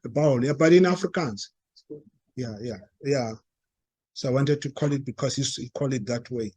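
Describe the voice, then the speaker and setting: A man with a South African accent telling a story to a live audience, halting and restarting, and acting out the quoted dialogue. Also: medium pitch, a little mellow, slightly rough, no room sound. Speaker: speaker at a talk. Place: meeting room.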